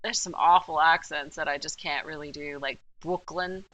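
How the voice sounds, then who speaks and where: A woman's voice: deep voice, steady tone, a little fast, a bit bright, poor audio. A woman from Memphis, Tennessee, with a neutral newsreader American accent, a podcast co-host chatting animatedly and dropping into playful accent impressions. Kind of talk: casual chat.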